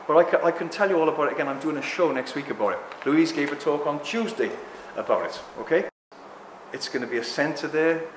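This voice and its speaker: Excitable man ranting in an echoey hall. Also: a little high, slight background noise. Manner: excitable, ranting, acts out quoted voices. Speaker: speaker at a talk. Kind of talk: impassioned public talk to a live audience. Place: indoor talk venue. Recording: echoey hall with faint ambience.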